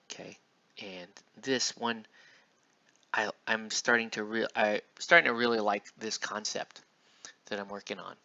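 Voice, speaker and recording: A man's voice: on the low side, bright, forceful tone. A man casually chatting and rambling while he paints miniatures on a live stream, with loose slangy talk. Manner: laid-back, rambling, slangy. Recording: dull lo-fi stream audio.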